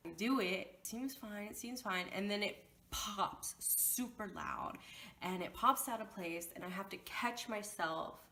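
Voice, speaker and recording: A young woman talks straight to camera in a casual storytime vlog. Her retelling runs heated and emotional, with blunt swearing. Her voice sits at an ordinary middle pitch for a woman. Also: very animated, a little slow, pushed and bright. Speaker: vlogger.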